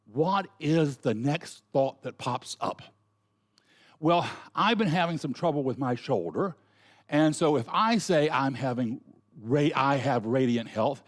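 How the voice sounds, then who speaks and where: A middle-aged man with a Southern US accent giving an earnest, folksy, conversational sermon with asides. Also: fairly high pitch. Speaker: minister.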